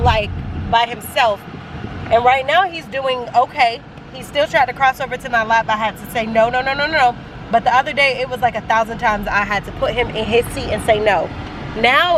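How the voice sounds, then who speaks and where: A woman's voice: on the high side, background noise. A young woman from Florida, chatting casually to viewers in a vlog, rambling and calling them y'all. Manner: chatty, rambling, addresses viewers as y'all, baby-talks to her dog. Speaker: vlogger. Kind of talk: casual vlog chat to camera. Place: home, then inside a parked car.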